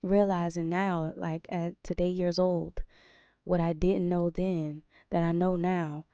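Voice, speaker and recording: A woman's voice: fairly low pitch, steady tone, measured pace, dark tone, dry recording, muffled recording. A woman hosting a podcast, talking earnestly in a casual motivational monologue and repeating phrases for emphasis. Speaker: podcast host.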